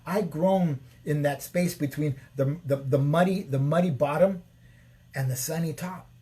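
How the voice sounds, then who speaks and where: A man with a somewhat high-pitched voice delivers an unscripted spiritual talk as a shamanic healer. He speaks in repetitive, chant-like lines, preachy and blunt, and now and then he swears. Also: a little slow, mellow. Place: Sedona, Arizona.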